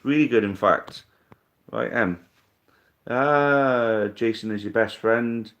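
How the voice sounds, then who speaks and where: A man's voice: medium pitch, steady tone, slow, a bit bright, muffled recording. A man in his thirties hosting a live stream, casually reading out viewer comments and answering in a blunt, jokey, sweary way. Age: 30s. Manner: laid-back, blunt and jokey, swears freely.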